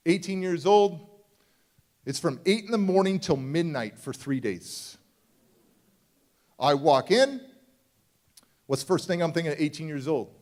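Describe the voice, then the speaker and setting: A middle-aged man giving a motivational keynote at a youth summit, telling his life story in a lively way and acting out his younger self. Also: on the high side, normal speed, pauses often. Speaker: motivational speaker. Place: conference stage before a live audience.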